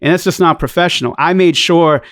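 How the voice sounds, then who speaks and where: A man's voice: a little high, brisk, fairly bright tone, dry recording, studio quality. A man guest on a podcast, telling a long story in a blunt, profane, rambling way. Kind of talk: casual storytelling chat.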